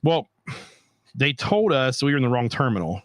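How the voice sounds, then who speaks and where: A man's voice: medium pitch, normal speed, no room sound. Young guy ranting about his trip, cursing constantly, dry mic. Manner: profane, animated ranting. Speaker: podcast host. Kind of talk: casual storytelling.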